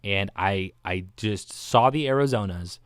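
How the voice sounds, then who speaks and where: A man's voice: fairly low pitch, measured pace, clean tone, no echo, studio quality. A man hosting a solo podcast, rambling casually with a slangy, self-mocking manner. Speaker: podcast host. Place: recorded alone, not live. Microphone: studio microphone.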